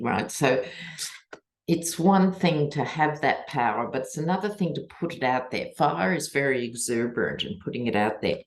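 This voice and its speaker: A woman with an Australian accent doing a tarot reading and talking to camera in a chatty, digressive, wry way. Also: rumbling low. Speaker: tarot reader and political commentator. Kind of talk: casual chat to camera.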